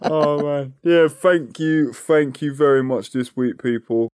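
A man's voice: on the high side, slow, a little mellow, clean tone, dry recording, clean studio sound. A young man with a London accent, co-hosting a podcast in laid-back, slangy banter. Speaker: podcast co-host. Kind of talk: casual chat. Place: small back room at home.

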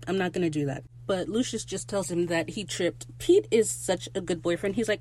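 A young woman talks through a TV episode on her own podcast. Her voice is excitable and gushing, jumping up in pitch when something delights her, and she slips into quick quoted lines from the characters. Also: a little hiss or hum. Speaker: podcast host recapping a TV episode. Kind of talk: casual solo recap.

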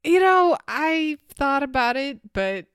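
A podcast host telling a story in casual chat, animated and quick to laugh. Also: high voice, no room sound, clean studio sound. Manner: animated, laughing often, some restarts.

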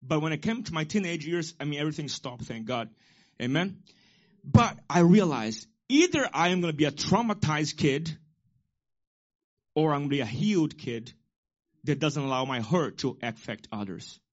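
A man in his forties preaches a sermon, his voice sitting a touch higher than most men's. He drives his points home with loud, emphatic bursts, then drops to quiet, personal asides. The recording sounds dull and lo-fi. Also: animated, moderate pace. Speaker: pastor.

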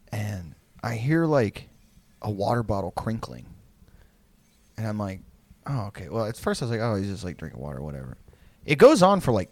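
Animated, laughing young man telling a story. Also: medium pitch, no room sound. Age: 20s. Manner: rambling, profane, laughs through the story. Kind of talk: casual storytelling.

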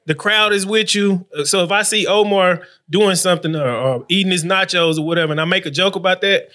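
A man's voice: high-pitched, fairly quick, sharp tone. A man, a comedian guest, talking in brash, profane banter. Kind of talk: casual chat.

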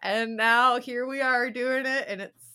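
A woman's voice: fairly high pitch, steady tone, measured pace, over a noisy crowd. A young woman co-hosting a podcast in casual chat, rambling with lots of fillers and giggles. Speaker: podcast co-host.

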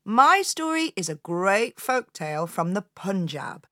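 A woman hosting a storytelling podcast, telling a folk tale to children in an expressive, inviting way. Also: mid-range voice, a little slow, no room sound, clean studio sound. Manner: expressive, inviting the listener to join in.

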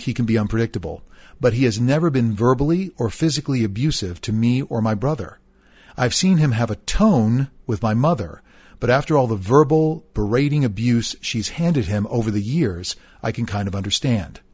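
A man's voice: mid-range voice, darkish tone, husky, no echo. A middle-aged man reading a personal story aloud, then reflecting on his own marriage in an earnest, candid way with hesitant restarts. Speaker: narrator.

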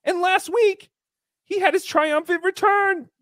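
A man in his thirties hosting a livestream, reading donations and joking around in a casual, animated way. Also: very high-pitched, a little slow, no room sound, studio quality. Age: 30s. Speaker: livestream host.

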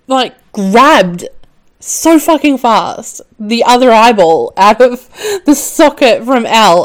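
A woman hosting a podcast, recapping a film casually, laughing often and swearing when excited. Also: medium pitch, unhurried, clear, resonant tone. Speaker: podcast host.

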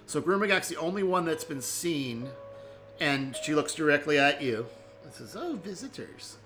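A man's voice: a little high, moderate pace, music in the background. A man running a tabletop game as game master, chatty and laughing often.

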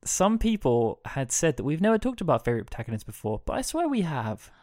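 A man's voice: on the high side, wildly swooping pitch, a little mellow, dry recording. Upbeat male podcast host, dry sound. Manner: upbeat, jokey, reads announcements briskly. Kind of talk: casual podcast chat.

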